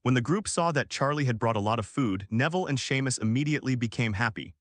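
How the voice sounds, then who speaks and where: A man narrating a story with steady, even delivery. His voice sits at a middle pitch, and the recording is dry and close, with no room sound. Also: fast talker, no echo. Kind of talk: audiobook narration of fan fiction.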